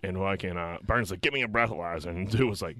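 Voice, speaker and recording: A man's voice: low-pitched, quick pace, sharp tone, no room sound. A man telling a rambling, profanity-laden story in casual chat with friends, laughing as he goes. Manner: rambling, swears constantly, laughs through his stories.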